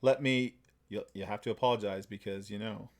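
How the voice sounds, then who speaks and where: A man narrating a tabletop game as game master, halting and full of fillers. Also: on the low side, fairly even intonation.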